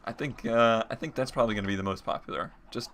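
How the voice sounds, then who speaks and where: A man's voice: medium pitch, fast talker, a bit bright, a little hiss or hum. A man giving casual gameplay commentary as he builds, thinking aloud and restarting his sentences. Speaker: Minecraft let's player.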